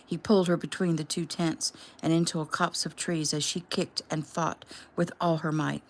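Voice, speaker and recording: A woman casually reading her own novel aloud at home in a plain, unhurried way. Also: low-pitched, flat delivery. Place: home room.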